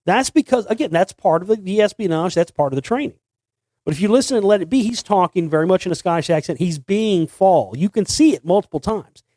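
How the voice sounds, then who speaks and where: A man's voice: sits high, lively intonation, fairly quick, a little mellow, no room sound. A man hosting a casual solo talk show, rambling with many restarts and repeated words. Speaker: host. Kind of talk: casual monologue.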